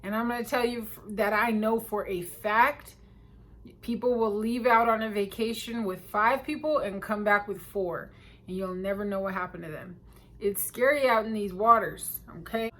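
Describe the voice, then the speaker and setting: A woman telling a true story in a casual storytime vlog, animated and emphatic, her volume swinging between loud and hushed. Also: fairly high pitch, moderate pace.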